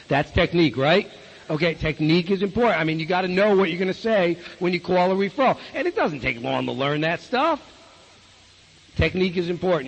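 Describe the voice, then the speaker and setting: A man with a high voice coaches a live audience on prospecting. He is blunt and folksy and keeps asking the room questions. The sound carries the long reverb of a big hall. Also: slightly rough. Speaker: business opportunity trainer. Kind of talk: live sales training talk.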